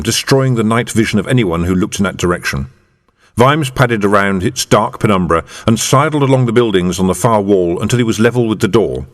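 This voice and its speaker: Male audiobook narrator with lively intonation. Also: on the low side. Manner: measured storytelling with lively intonation. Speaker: audiobook reader. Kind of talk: scripted narration. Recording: reverberant room.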